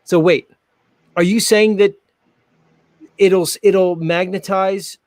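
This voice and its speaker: A man's voice: high-pitched, steady tone, slow pace, dry recording. A man hosting a casual call-in talk show, joking and swearing freely. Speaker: show host.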